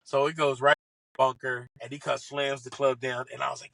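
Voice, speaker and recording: A man, a comedian guest on a podcast, telling funny stories in an animated, excitable way and acting out the lines of the people in them. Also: medium pitch, a little fast, vocal fry, dry recording, rough recording. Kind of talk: casual comic storytelling.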